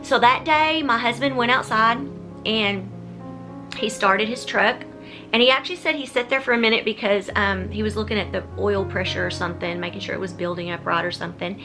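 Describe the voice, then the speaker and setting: A woman's voice: mid-range voice, brisk, music in the background. A woman talks casually in a Q&A vlog from home. She rambles, often stops and restarts her sentences, and addresses viewers directly. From Texas. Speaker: vlogger.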